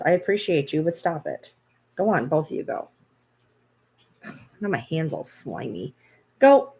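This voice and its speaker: Lively, low-voiced woman scolding her dogs. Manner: playfully scolding her dogs in a baby-talk tone. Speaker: vlogger. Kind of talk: casual vlog chat.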